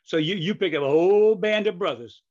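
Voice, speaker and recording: A man's voice: high voice, brisk, a little mellow. An older man hosting a podcast interview in casual chat, rambling with many fillers, restarts and asides. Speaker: podcast host. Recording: dull lo-fi audio.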